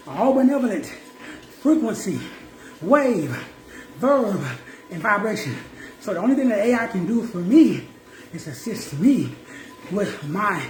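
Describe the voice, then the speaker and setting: A man giving a preachy motivational talk as a self-help teacher, emphatic and repetitive with slang. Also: sits high. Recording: roomy echo, faint music.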